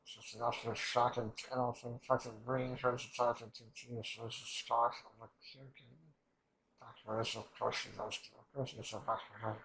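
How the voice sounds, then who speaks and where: A man's voice: mid-range voice, flat delivery, normal speed, fairly bright tone, poor audio. A man reacting to an anime episode in rambling, emotional casual commentary, swearing often and restarting his sentences.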